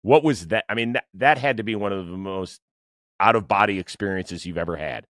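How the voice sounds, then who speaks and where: A man's voice: fairly low pitch, a little fast, no room sound, studio quality. A middle-aged man hosting a podcast, chatting casually and telling stories with animation. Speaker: podcast host. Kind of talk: casual interview chat.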